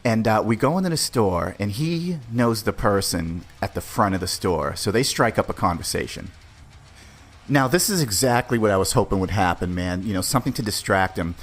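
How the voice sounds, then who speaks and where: Low-voiced man telling a story casually. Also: animated, moderate pace. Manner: laid-back, profane, conversational. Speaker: podcast host.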